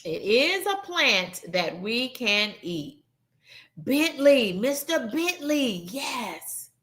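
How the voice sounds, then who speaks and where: Woman hosting a live game night, bright voice, slow and chatty, keeps saying y'all. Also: on the high side, very animated. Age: adult, 21 or older. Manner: chatty, addresses viewers as y'all. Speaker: livestream game night host. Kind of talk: casual live-stream game hosting, reading chat.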